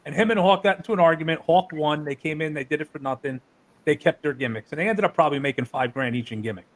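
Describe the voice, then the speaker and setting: A man with a fairly high, husky voice tells his stories in a casual interview, rough-edged and swearing freely. He is a wrestling promoter from New Jersey, and he talks with lively storyteller energy. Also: fast, low-quality recording. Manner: profane, animated storyteller.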